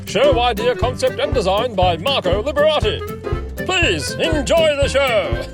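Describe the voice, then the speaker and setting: A woman's voice: fairly high pitch, sing-song, a little slow, over music. A woman announcing the show's credits.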